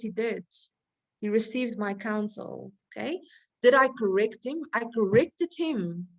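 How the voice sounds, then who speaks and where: A woman of middle age teaching a Christian women's class in a casual, talky way. She laughs often and keeps asking her listeners rhetorical questions. Her voice sits at an ordinary pitch for a woman. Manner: conversational, laughs often, asks rhetorical questions and checks with "okay?". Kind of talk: teaching a recorded lesson.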